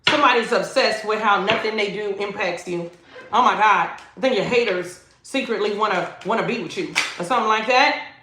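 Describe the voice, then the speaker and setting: A tarot reader gives a livestreamed reading in a medium-pitched, fairly quick voice. She speaks emphatically, uses slang, and repeats her phrases. The room is echoey with faint background noise.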